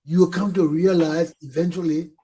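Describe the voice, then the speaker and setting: Fiery Liberian man, husky high voice. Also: steady tone, moderate pace, warm tone, poor audio. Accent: Liberian English. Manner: fiery, repeats points for emphasis, swears. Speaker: talk show host. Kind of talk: impassioned talk show monologue.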